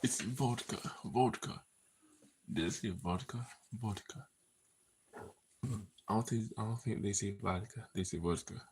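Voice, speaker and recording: A man's voice: on the low side, unhurried, pauses often, slight background noise, poor audio. A man rambling casually as he half reads a script, easily distracted, repeating himself and breaking into laughter and playful asides.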